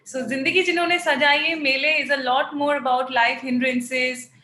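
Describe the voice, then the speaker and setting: A woman's voice: high voice, steady tone, moderate pace, bright, forceful tone, roomy sound. A woman hosting a talk show over a video call, polite and deferential, addressing her guest as sir. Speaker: host. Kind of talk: interview hosting.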